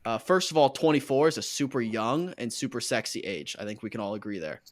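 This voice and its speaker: A man's voice: mid-range voice, expressive, a little fast. A man hosting a podcast in casual chat, joking and rambling with fillers. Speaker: podcast host.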